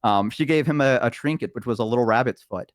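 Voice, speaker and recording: A man's voice: medium pitch, quick pace, dry recording. A young man in casual conversation as a stream guest, recounting a tabletop game story in a rambling, filler-heavy way.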